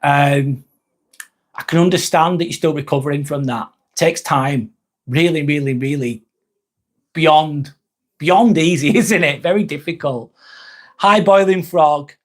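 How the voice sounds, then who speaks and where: Man, live-stream host, raised pitch, candid, rambling, heavy swearing. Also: measured pace, long pauses. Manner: confessional, reads viewer comments aloud.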